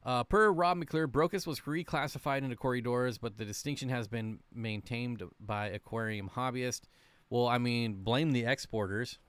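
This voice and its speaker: A man's voice: medium pitch, clean tone, no echo. A man hosting a casual livestream about aquarium fish, reading viewer comments aloud in a chatty, rambling, self-deprecating way. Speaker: aquarium channel host.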